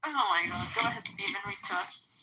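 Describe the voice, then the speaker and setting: A woman in casual podcast chat, giggly and animated. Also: high voice, brisk, gravelly, a little hiss or hum, poor audio.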